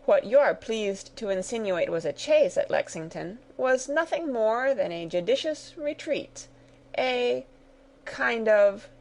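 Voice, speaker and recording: A woman's voice: fairly high pitch, expressive, a little slow, vocal fry, a little mellow, pitched above the performer's own voice. A woman voicing a blustering, condescending British colonel in a read-aloud story. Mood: patronizing. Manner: indignant, condescending.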